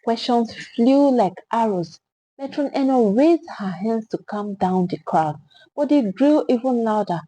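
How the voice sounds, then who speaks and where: A woman's voice: a little high, animated, measured pace, dark tone, rough recording. A woman narrating a dramatic story with emphatic delivery.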